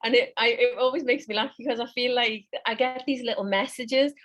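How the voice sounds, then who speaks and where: A woman's voice: on the high side, fairly even intonation, fairly quick. A woman, a psychic medium guest, talking in an effusive way and repeating her praise. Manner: warm, effusive, repeats herself. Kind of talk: casual conversation.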